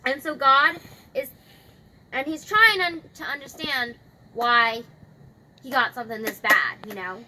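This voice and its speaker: A woman's voice: sits high, unhurried, long pauses, sharp tone, slight background noise. A woman retelling a scripture story in casual, slangy chat. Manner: chatty, slangy, filler-heavy.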